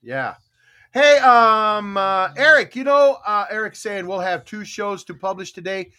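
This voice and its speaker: An older man hosts an internet radio morning show, chatting casually through a long personal story and acting out what other people said. His high voice is expressive and smooth with a sharp tone, and he takes his time.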